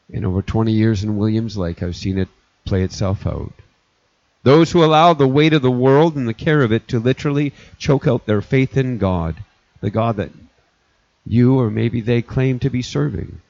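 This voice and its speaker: A man's voice: on the low side, darkish tone, no room sound. A middle-aged male pastor preaching a sermon, earnest and repetitive, circling back to restate his points. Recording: dull lo-fi recording.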